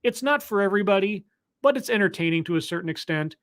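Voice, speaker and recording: A casual show reviewer talking through an episode on a live stream. The delivery is wry and sarcastic, full of asides and fillers, often stopping to fix what is on screen. Middle pitch. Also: expressive, fast. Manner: rambling, with fillers and restarts while clicking through footage. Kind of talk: casual episode recap commentary.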